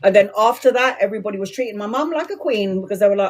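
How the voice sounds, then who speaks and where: Racing along with lively intonation at a medium pitch, a tarot reader works through a live session, slight noise behind her. She's emotional and blunt, swears freely, and keeps calling viewers "sweetheart" and "my love."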